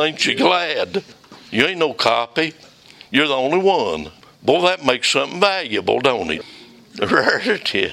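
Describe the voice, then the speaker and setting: A man's voice: mid-range voice, pushed and bright. An older man preaching a fervent, folksy sermon in a church, calling out members of the congregation by name.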